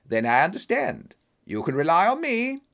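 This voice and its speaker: A man voicing an eager, loyal male companion in an audiobook reading, speaking a little higher and keener. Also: huge pitch swings, normal speed, creaky, fairly bright tone, exaggerated voice. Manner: keen, willing, slightly raised voice.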